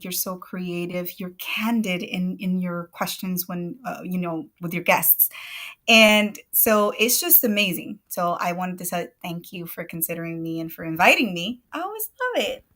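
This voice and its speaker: A woman chatting as a guest on a livestream, pouring out thanks and praise. Her voice has a bright, forward quality at an ordinary pitch. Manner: effusive, gushing, laughs often. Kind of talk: casual chat.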